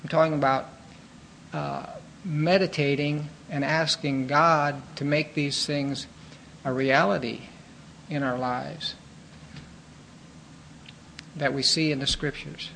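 A man preaching a sermon in an earnest, measured teaching manner, pausing with fillers and restarting phrases. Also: on the high side, flat delivery, creaky, fairly bright tone, slight background noise, rough recording.

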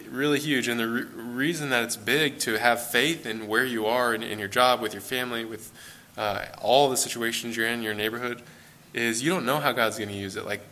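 Speaking in a mid-range voice, an American man delivers a church sermon in an easygoing, conversational style, sprinkled with fillers and self-corrections.

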